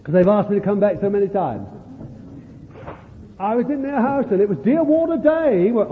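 A man's voice: high voice, animated, moderate pace, pauses often. A man preaching a sermon to a congregation, fervent and exclamatory, calling out to his listeners. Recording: echoey hall, tinny lo-fi line.

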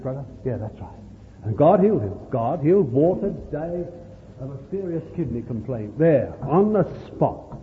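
Fiery preacher guy shouting out to the pews, voice swoops all over, tinny old tape sound. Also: sits high, a little hiss or hum. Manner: fervent, exclamatory, calls out to the congregation. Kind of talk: sermon. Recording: echoey hall, tinny lo-fi line.

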